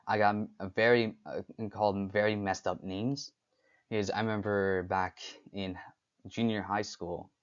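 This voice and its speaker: A young man hosting a solo talk, speaking haltingly with frequent restarts and fillers. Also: fairly low pitch, lo-fi sound. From United States. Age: young adult. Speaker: podcast host. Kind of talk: unscripted solo talk on stereotypes.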